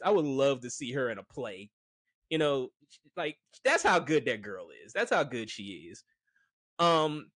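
Animated, rambling male movie reviewer. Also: medium pitch, no echo, clean studio sound. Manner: rambling, filler-heavy, frank. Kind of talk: casual opinion monologue.

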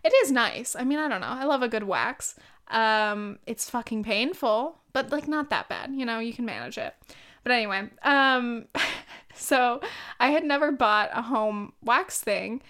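Young woman, twenties, podcast host, casual rambling chat, smooth voice, slightly high. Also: expressive, unhurried, a bit bright. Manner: rambling and candid, with many likes and ums.

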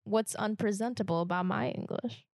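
A woman's voice: medium pitch, normal speed, vocal fry, a little mellow, no room sound, clean studio sound. A woman co-hosting a casual podcast chat, talking in a thoughtful, questioning way with frequent fillers. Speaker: podcast co-host.

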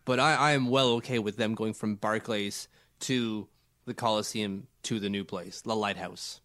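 A man's voice: on the low side, steady tone, normal speed, a bit bright. A man co-hosting a casual sports podcast, getting over a cold and talking in rambling, stammering restarts. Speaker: podcast co-host.

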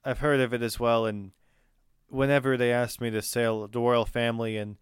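A man voicing Markavia, an earnest noblewoman ship captain, speaking haltingly. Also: medium pitch, little pitch movement, clean tone, no echo, clean studio sound, lightly acted. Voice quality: halting, stammering.

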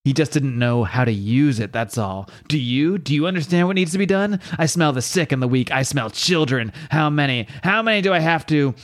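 A man's voice: a little high, expressive, brisk, few pauses, lightly acted. A man voicing a possessed demonic male sasquatch that taunts in a cruel, sinister way. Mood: menacing.

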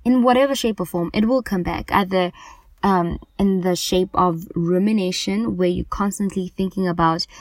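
A woman podcast host with a lowish voice speaks at normal speed in a personal monologue about anxiety, captured in a dry recording. She is earnest and emphatic, often repeating herself for stress.

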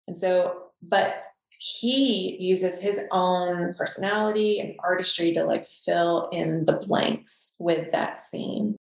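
Woman, low gravelly voice, open and reflective, echoey room. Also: fairly even intonation, takes it slowly, few pauses. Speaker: guest. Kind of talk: candid podcast conversation.

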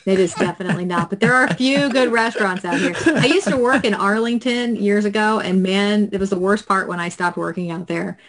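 Lady cohost on a podcast, chatty and easygoing, laughs a lot, mid-pitch voice. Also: a little fast, hardly any pauses, a crowd in the background. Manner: chatty, laughs easily, self-deprecating. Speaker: podcast co-host. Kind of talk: casual podcast chat.

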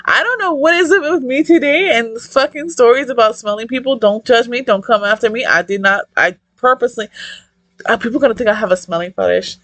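A young woman reviewing a manga in casual chat, excitable, swearing a lot and rambling off-topic. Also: a little high, fairly quick, no echo.

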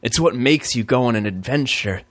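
A man voicing a gruff but soft-hearted male barbarian adventurer who rambles and pleads. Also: medium pitch, expressive, moderate pace, no room sound. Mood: wistful.

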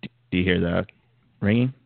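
A man's voice: low voice, fairly quick, gravelly, heavy background noise. A man co-hosting a podcast in casual chat, teasing and often laughing. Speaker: podcast co-host. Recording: tinny phone-like sound.

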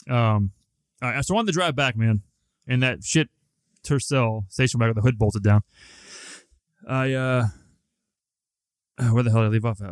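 A man's voice: mid-range voice, clear, resonant tone, no room sound. Laid-back, profane man telling a rambling story. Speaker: podcast co-host. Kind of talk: casual storytelling chat.

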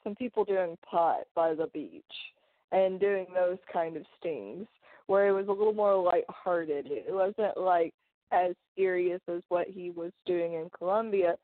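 A woman's voice: lowish voice, measured pace, dry recording. A woman co-hosting a podcast from home, chatting casually with joking asides. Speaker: podcast co-host. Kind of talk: casual chat. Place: home with hardwood floors. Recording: dry, tinny phone-like line.

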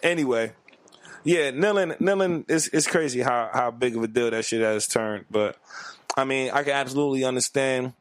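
A man's voice: medium pitch, normal speed, no echo. A man co-hosting a casual podcast chat. He swears freely and laughs often as he talks. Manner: relaxed, profane, laughs often. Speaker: podcast co-host. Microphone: podcast mic.

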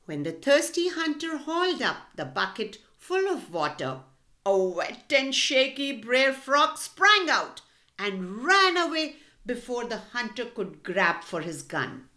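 Woman, children's storyteller, read-aloud, expressive, bright, higher voice. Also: takes it slowly. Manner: gentle, expressive, addresses children directly.

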